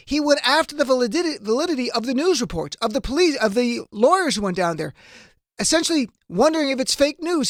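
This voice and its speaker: A man's voice: extremely high pitch, fairly bright tone, dry recording, studio quality. A man hosting a political talk show, delivering emphatic, indignant commentary. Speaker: radio talk show host.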